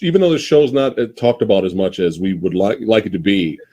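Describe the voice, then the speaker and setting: A man's voice: fairly low pitch, big pitch swings, a little fast, warm tone. A man hosting a movie podcast, chatting casually and joking around playfully. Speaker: podcast host. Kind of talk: casual chat.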